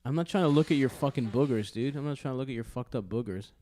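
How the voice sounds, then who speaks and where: A man co-hosting a comedy podcast, blunt, dismissive and profane, and quick to laugh. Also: medium pitch, warm tone. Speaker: podcast co-host. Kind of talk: casual comedic banter.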